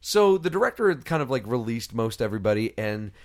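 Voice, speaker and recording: Animated man telling a story. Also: mid-range voice, fast talker. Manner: animated storyteller, acts out quoted people; swears casually. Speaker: podcast host. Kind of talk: casual chat.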